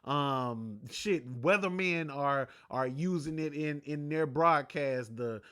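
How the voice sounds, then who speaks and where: A man's voice: fairly high pitch, takes it slowly, a bit bright, clear, resonant tone. A man hosting his own sports talk show, rambling loosely and profanely in a casual solo chat. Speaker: podcast host.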